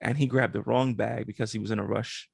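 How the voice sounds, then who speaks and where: A young man co-hosting a podcast, telling a story in a relaxed way and swearing casually. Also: medium pitch, a little fast, gravelly, husky, no room sound, studio quality. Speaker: podcast co-host.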